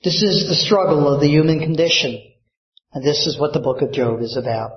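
A male pastor preaching a sermon with impassioned delivery, rising suddenly to loud emphatic peaks and dropping low for quiet points. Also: steady tone, a little fast, reverberant, dull audio.

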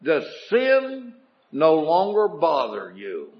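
High-voiced folksy preacher man. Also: huge pitch swings, slow, roomy sound, lo-fi sound. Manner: folksy, questioning the congregation with homespun jokes. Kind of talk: revival sermon.

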